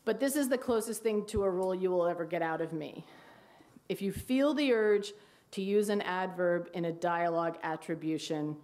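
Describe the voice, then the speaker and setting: A woman teacher giving a wry talk on writing dialogue, reading passages aloud. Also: moderate pace. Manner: wry, reads quoted dialogue in a hushed low voice. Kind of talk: lecture with read-aloud excerpts. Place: lecture hall.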